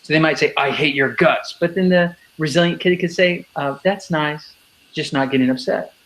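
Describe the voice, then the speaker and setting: A man's voice: a little high, moderate pace, rough recording. A man who speaks and teaches about bullying, answering interview questions emphatically and acting out the kids he quotes. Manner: emphatic, acts out kids' voices in quotes. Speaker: anti-bullying speaker and educator. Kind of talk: interview guest explaining.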